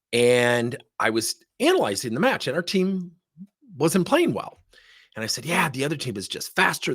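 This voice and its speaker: A middle-aged leadership speaker delivers a motivational talk full of anecdotes in a slightly husky voice. His pitch swings widely as he animatedly tells stories, and he keeps tossing rhetorical questions at listeners.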